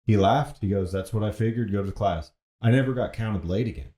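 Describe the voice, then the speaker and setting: A young man with a low, mellow voice tells a story at an easy, unhurried pace. His voice sits deep and relaxed. The sound carries a noticeable room echo. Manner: laid-back storytelling, quoting others in an even voice. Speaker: podcast co-host. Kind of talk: casual chat. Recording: echoey room.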